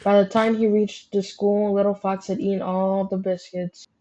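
A woman reading a children's storybook aloud in a plain, steady narration. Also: medium pitch, normal speed, highs cut off. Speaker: storybook reader.

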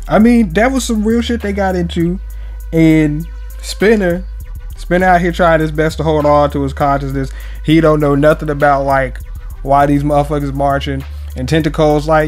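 A man's voice: fairly high pitch, fairly even intonation, moderate pace, soft background music. A young man casually reacting to a manga chapter, slangy, profane and joking as he reads it out. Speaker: manga reviewer.

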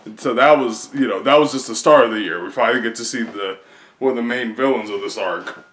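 A man chatting casually as a video creator, rambling excitedly through a recap with many fillers. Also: mid-range voice, fairly quick. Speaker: video creator reacting to comics. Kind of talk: casual chat. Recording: roomy echo.

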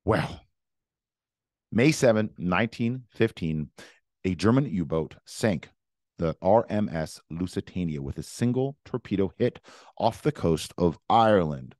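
A man's voice: low-pitched, lively intonation, a little slow, darkish tone, no room sound, studio quality. A young man giving an emphatic history lecture, repeating words and speaking for both sides in first person. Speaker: history teacher.

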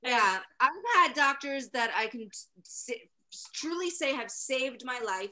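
A woman's voice: sits high, lively intonation, takes it slowly, pushed and bright. A woman playing on a game show, talking earnestly and emphatically in casual chat.

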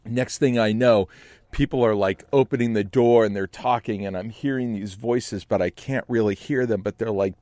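A man telling a personal story with dramatic flair, swinging between hushed narration and loud outbursts. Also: lowish voice, unhurried, no room sound. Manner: animated, shifts between hushed and shouting. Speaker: storyteller guest. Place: Los Angeles.

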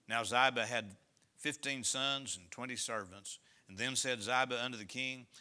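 In a church sanctuary, a male pastor preaches a sermon, reading scripture aloud and explaining it with folksy asides. His voice is medium in pitch with a sharp tone.

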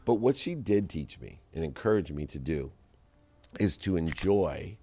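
A middle-aged man, a guest entrepreneur, telling stories in a casual podcast conversation and slowing down to stress advice. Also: sits low, animated, mellow, a little hiss or hum. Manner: storytelling, slows down to stress advice.

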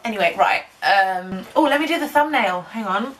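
A woman's voice: medium pitch, lively intonation, normal speed, hardly any pauses, a bit bright, rough recording. A young woman chatting casually to camera in a rambling, giggly, self-mocking way. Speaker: vlogger.

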